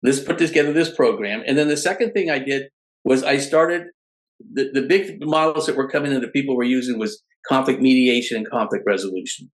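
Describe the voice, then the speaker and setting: A man's voice: medium pitch, brisk, low-quality recording. A middle-aged man, a podcast guest, telling stories in casual conversation, often restarting his phrases. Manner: animated storyteller who restarts phrases often.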